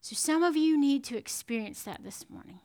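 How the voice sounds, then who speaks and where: A woman giving a sermon in a conversational, animated storytelling manner, often checking in with the listeners. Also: sits high, normal speed. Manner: animated storytelling with frequent "right?" asides. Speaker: preacher.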